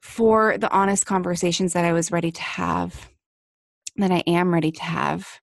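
A woman talks straight into the mic on her own podcast, earnest and emphatic, circling back to repeat her key words. Her voice has a gravelly fry to it, and the sound is close and dry with no room around it. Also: on the low side, level tone, moderate pace, no room sound. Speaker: podcast host. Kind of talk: heartfelt solo podcast monologue.

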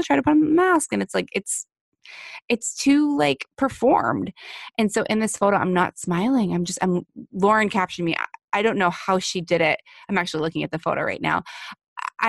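A woman talks straight into the mic on her own podcast, earnest and emphatic, circling back to repeat her key words. Her voice has a gravelly fry to it, and the sound is close and dry with no room around it. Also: on the low side, dry recording. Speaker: podcast host. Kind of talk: heartfelt solo podcast monologue.

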